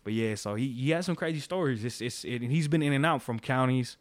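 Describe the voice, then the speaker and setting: Fast-talking, profane male storyteller. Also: medium pitch. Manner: profane, slangy, rambling with restarts. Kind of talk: casual storytelling chat.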